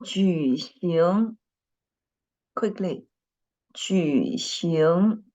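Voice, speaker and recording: A woman teaches over a video call, talking very slowly and patiently. Her voice sits a little low, and she repeats each word and often clears her throat. The call audio is dull and lo-fi. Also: expressive, mellow. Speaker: Mandarin teacher. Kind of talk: online dictation lesson.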